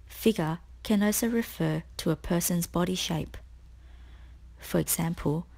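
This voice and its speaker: A woman tutor reading a scripted spelling lesson, explaining each word slowly and clearly. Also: lowish voice, dark tone. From Australia. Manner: slow, clear, deliberate explanations.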